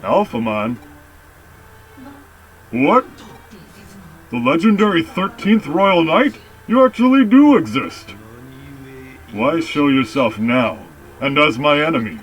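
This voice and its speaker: A man voicing an arrogant male knight villain, shouting in outrage. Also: medium pitch, unhurried, faint music behind, close to an everyday voice, poor audio. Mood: outraged.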